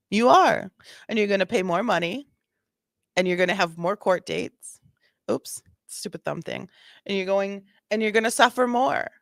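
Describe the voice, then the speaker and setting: A woman's voice: medium pitch, gravelly, no room sound, clean studio sound. A woman hosting a casual commentary on bodycam footage, sassy and exasperated, repeating her points. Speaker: host.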